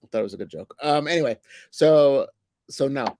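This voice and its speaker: A man's voice: medium pitch, expressive, a little fast, warm tone. A man who works as a comic book editor, chatting casually, rambling and laughing as he tells jokes. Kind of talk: casual chat.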